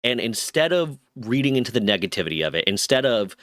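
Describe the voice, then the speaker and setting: A man's voice: medium pitch, very animated, fast, a bit bright, no room sound. A man giving heated, profane commentary as a streamer, indignant in tone. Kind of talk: angry commentary.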